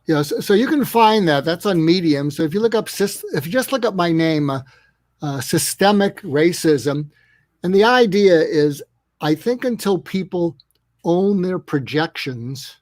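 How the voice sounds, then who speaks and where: A man's voice: on the high side, animated, a little slow, darkish tone, no room sound. A man speaking as an interview guest who explains ideas step by step in an earnest way, often acting out little dialogues. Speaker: guest expert on listening. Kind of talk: interview conversation.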